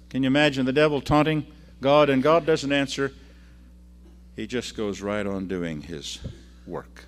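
A man preaching a sermon and reading scripture aloud, swinging between loud emphasis and quiet drops. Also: mid-range voice.

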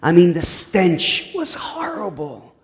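A man's voice: high-pitched, huge pitch swings, slow pace. Earnest man preaching, echoing hall. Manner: earnest, stumbling restarts, acts out dialogue. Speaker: pastor. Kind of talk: sermon storytelling.

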